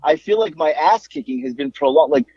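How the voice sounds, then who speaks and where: A man's voice: fairly high pitch, sing-song, brisk, vocal fry, warm tone, slightly rough, no echo, dull audio. A man co-hosting a podcast who calls in while out shopping. He chats casually, teasing himself and rambling with lots of restarts. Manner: self-deprecating, rambling with restarts. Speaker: podcast co-host. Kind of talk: casual banter. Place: out shopping, calling in by phone.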